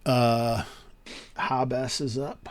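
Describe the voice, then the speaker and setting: A man's voice: medium pitch, flat delivery, drawn-out words. A man running an online tabletop game as game master, explaining rules with many fillers and restarts. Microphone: headset or desk mic on a video call.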